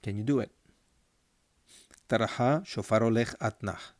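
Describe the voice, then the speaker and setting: A man teaching Torah cantillation, slowly chanting Hebrew words and then explaining them in a patient, step-by-step way. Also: on the low side, a little mellow, no echo.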